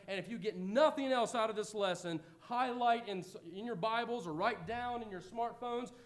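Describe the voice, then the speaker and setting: A middle-aged American man preaching a sermon, earnest, moving between loud pleading and quiet reflection. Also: high voice, normal speed, hardly any pauses.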